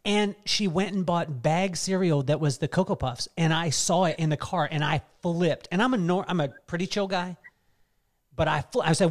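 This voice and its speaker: A man hosting a podcast, telling stories in a casual, animated way and laughing often. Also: a little high, moderate pace. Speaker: podcast host. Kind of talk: casual chat.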